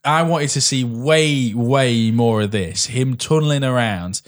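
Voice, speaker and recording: A man's voice: mid-range voice, measured pace. A man talking casually and enthusiastically about a film, rambling and laughing often.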